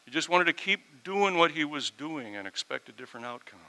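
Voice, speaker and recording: Bright-voiced man preaching a story. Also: very animated, fairly quick, hardly any pauses, low-quality recording. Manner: swings from quiet asides to loud, pitched-up emphasis. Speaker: pastor. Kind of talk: sermon with personal story.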